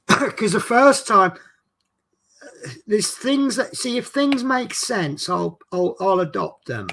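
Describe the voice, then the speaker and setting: Norfolk man hosting a chat, high gravelly voice, rambling and self-mocking. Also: sing-song, slow pace, long pauses, a bit bright, a little hiss or hum. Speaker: podcast host. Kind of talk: casual chat.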